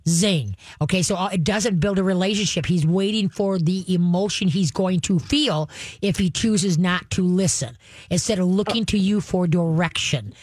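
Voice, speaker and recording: A woman's voice: on the low side, moderate pace, a little mellow, dry recording. A woman who hosts a call-in advice show as a dog trainer, talking in a folksy, emphatic way and using playful sayings.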